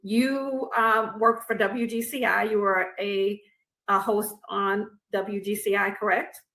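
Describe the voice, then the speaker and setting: A woman's voice: mid-range voice, flat delivery, slow pace, bright, forceful tone, poor audio. A woman hosting an interview, asking short, encouraging questions. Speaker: interview host.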